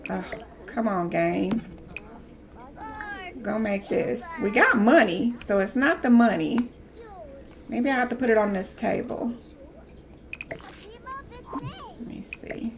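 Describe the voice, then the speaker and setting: Chatty woman streamer with gravelly voice. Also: medium pitch, a little slow, long pauses, background noise. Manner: chatty, talks back to game characters. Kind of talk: casual live game commentary.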